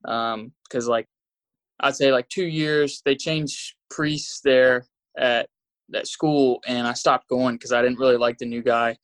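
A young man who is a podcast guest, talking in a relaxed way with many fillers. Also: mid-range voice, measured pace. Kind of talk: casual chat.

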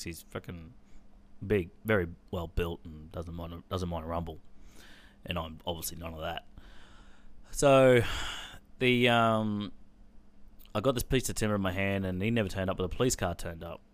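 A man's voice: low voice, normal speed. An Australian man telling a personal story in an intense, blunt way, swearing freely.

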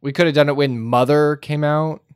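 A man co-hosting a casual movie review podcast, cracking dry, deadpan jokes. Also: a little high, moderate pace, clean tone, no echo. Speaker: podcast co-host.

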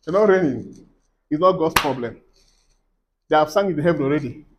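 Male preacher, high voice, fervent sermon delivery, builds to loud declarations. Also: lively intonation, normal speed, a little hiss or hum. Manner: fervent, swings from quiet teaching to loud declarations.

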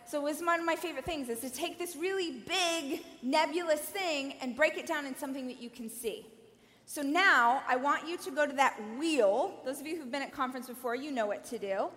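A woman in her thirties giving an energetic conference keynote, coaching the audience with direct questions. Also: high voice. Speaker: keynote speaker. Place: large conference hall. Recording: reverberant hall.

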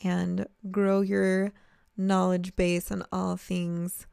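A woman's voice: fairly low pitch, completely flat delivery, drawn-out words, vocal fry, mellow, smooth. A young adult woman co-hosting a podcast in casual chat, talking loosely and laughing easily. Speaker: podcast co-host.

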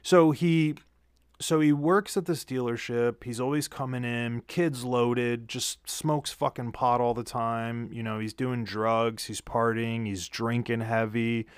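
The speaker, a man with a medium-pitched, clear, resonant voice, talks a little slowly in a steady tone, recorded in clean studio sound with no room sound. Worn out after work, he rambles through a profane story into a pop-filtered handheld mic, often fixing what he just said.

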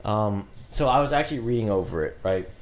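Joking low-voiced man in casual chat. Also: lively intonation. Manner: joking, sarcastic, quick asides. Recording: faint background hiss.

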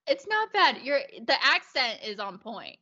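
A woman's voice: sits high, sing-song, a little slow, pushed and bright, dull audio. A young woman co-hosting a casual podcast, chatty and giggly and encouraging her partner. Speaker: podcast co-host. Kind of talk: casual chat.

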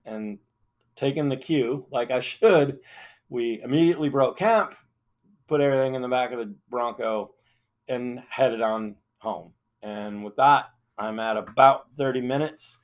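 A man's voice: mid-range voice, measured pace. Rambling man telling a camping story. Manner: rambling with fillers and restarts. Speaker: podcast host. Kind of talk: casual storytelling.

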